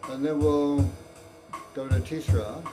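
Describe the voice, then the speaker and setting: A man teaching an online music lesson, speaking softly and thoughtfully and chanting rhythm syllables. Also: on the high side, steady tone, slow pace.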